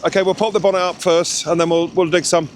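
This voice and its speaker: Outdoors in the snow, a man vlogs in a casual, chatty way, giving directions in a reassuring manner. His voice sits high, with little pitch movement, and he talks fast over slight background noise.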